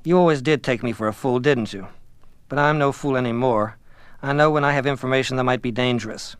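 A man reading the lines of a guileful, resentful teenage schoolboy in a flat, impersonal way. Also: mid-range voice, a little fast, smooth, no echo, lightly acted. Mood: guarded, indignant. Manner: flat, impersonal, growing indignant.

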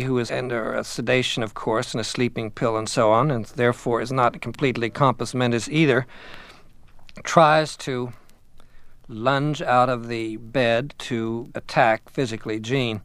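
Male reader for a literature lesson, measured delivery, dry recording. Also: mid-range voice, fairly bright tone, clean tone, no echo. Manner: measured, with hesitant fillers in summary. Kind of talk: reading a novel aloud and summarizing it.

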